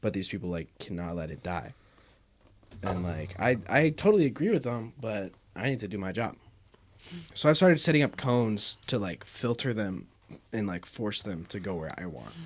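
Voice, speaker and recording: A young man chatting casually about his job in a relaxed, rambling way with many fillers. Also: fairly low pitch, moderate pace. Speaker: podcast co-host. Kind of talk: casual chat.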